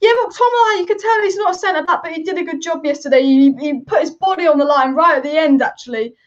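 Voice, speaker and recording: A woman's voice: very high voice, fast. A woman hosting a football live stream, reading viewer comments and giving passionate, rambling opinions. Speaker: football channel host. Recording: dull lo-fi stream audio.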